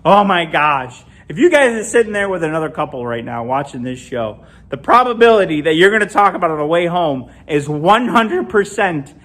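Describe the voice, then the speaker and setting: This middle-aged Illinois comedian talks a little fast, with hardly any pauses, in an animated stand-up set to an empty club. His delivery is punchy and his pitch jumps widely.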